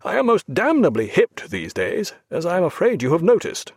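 A man voicing a hearty, earnest male naval captain in an audiobook, brisk and commanding. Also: high-pitched, wildly swooping pitch, breathy edge, no room sound, clean studio sound, voice pushed up, full character voice. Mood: rueful.

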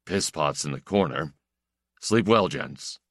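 A man's voice: very deep voice, animated, slow, dry recording, studio quality, full character voice. A man voicing an edgy, ingratiating male prisoner with a mocking, sardonic drawl.

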